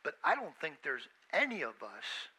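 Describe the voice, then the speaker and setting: A man's voice: a little high, wildly swooping pitch, moderate pace, sharp tone, slightly rough, poor audio. A man preaching a sermon with emphasis, repeating phrases and acting out the voices he quotes. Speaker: pastor.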